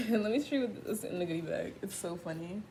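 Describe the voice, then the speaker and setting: This eighteen-year-old vlogger has a lowish voice and speaks a little fast, with slight noise in the background. Addressing the camera casually, she spins lively stories laced with swearing and slang.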